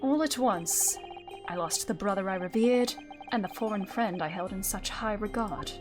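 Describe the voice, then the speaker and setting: A woman's voice: medium pitch, normal speed, music in the background, close to an everyday voice. A woman reading as a somber young nobleman. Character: young male noble recounting grim past. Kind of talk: reading game dialogue aloud.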